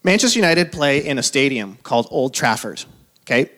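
A man in his thirties who is a pastor, preaching a sermon in a casual, conversational way, full of asides and quick laughs. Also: mid-range voice, sing-song, a bit bright. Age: 30s.

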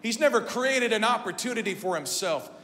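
Bright-voiced preacher in a reverberant church. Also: male voice, sits high, lively intonation, a little fast. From Midwestern United States. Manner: builds from quiet talk to shouting. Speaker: pastor. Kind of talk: sermon. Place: church sanctuary. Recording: long hall reverb, faint hum.

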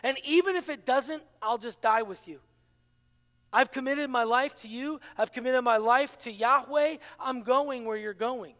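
A man's voice: very high voice, a little slow, pushed and bright. A man preaching a sermon in a dramatic manner, acting out the quoted dialogue. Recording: long hall reverb.

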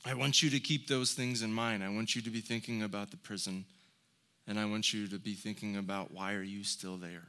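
A man's voice: on the low side, steady tone, brisk, sharp tone. A man preaching a sermon, speaking earnestly and telling folksy stories before building to emphatic exhortations. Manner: folksy storytelling with light laughs. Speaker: pastor.

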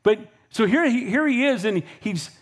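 A male pastor delivers a lively sermon in a high, bright voice. He talks plainly and bluntly, mixing scripture with off-the-cuff asides and calls of "Amen?". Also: moderate pace. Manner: energetic and conversational, often asks "Amen?" and blunt asides.

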